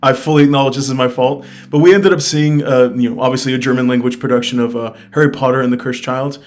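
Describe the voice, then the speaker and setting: A man's voice: mid-range voice, steady tone, quick pace. Chatty young man reviewing his travels. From United States. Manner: chatty, many fillers, candid and upbeat. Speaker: travel vlogger. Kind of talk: casual vlog review.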